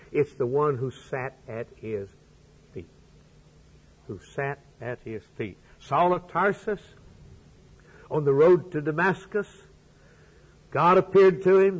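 A man preaching a sermon, swinging between loud declarations and hushed quoted lines. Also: on the high side, breathy edge, poor audio.

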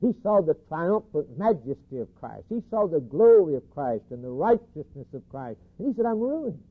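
Husky preacher man, tinny recording. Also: on the high side, very animated, moderate pace. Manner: emphatic, repeats key phrases, swings between loud and hushed. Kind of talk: sermon.

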